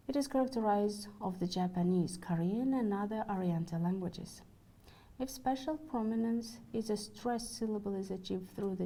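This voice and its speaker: A woman with a Russian accent, a native Russian speaker, giving a phonetics lecture in a slow, careful and halting way. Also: mid-range voice, creaky, mellow, poor audio. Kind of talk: university lecture.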